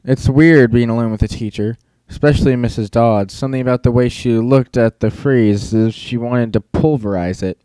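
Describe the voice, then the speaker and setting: A man's voice: medium pitch, normal speed, hardly any pauses, dark tone, clear, resonant tone, dry recording. Dry, close-miked male audiobook narrator. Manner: casual, wry teenage-boy storytelling. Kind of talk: first-person audiobook narration.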